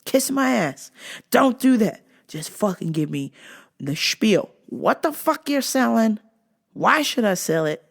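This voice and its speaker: A woman hosting a solo podcast, ranting loudly and swearing freely in casual chat. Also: medium pitch, very animated, slow pace, gravelly. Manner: profane, loud, fired-up ranting. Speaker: podcast host.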